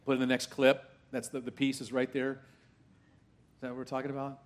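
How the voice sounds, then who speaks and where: A man preaching a sermon to a live congregation in a church, in a conversational style full of questions, swinging from hushed asides to loud, rising exclamations. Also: medium pitch, completely flat delivery, normal speed. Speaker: pastor.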